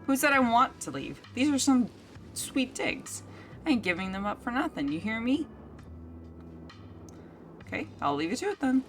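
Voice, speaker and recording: Woman doing a gruff stubborn goat. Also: fairly high pitch, very animated, moderate pace, pauses often, fairly bright tone, soft background music, voice pushed up. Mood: defiant. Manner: gruff, clipped, folksy. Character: stubborn possessive male barnyard goat.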